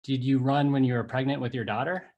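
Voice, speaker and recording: A man hosting an interview on a video call, asking calm, measured questions with some fillers. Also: mid-range voice, lo-fi sound. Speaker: interviewer host.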